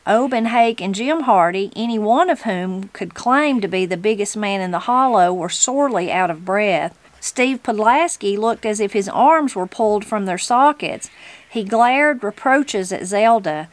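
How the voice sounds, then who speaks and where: A woman from Southern Appalachia reading a novel aloud in an unhurried way, gently voicing the characters. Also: mid-range voice, no room sound. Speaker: reader of a book.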